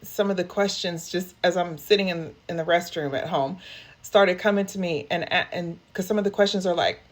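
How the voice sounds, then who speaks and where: Low-voiced woman grief counselor talking candidly. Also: moderate pace. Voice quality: emotional, open, addresses listeners as y'all. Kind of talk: candid personal talk to viewers.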